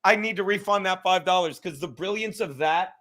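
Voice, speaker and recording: Bright, fired-up, swearing stream host. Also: male voice, sits high, fairly quick. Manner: profane, rambling, fired-up. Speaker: livestream host. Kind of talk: livestream chat.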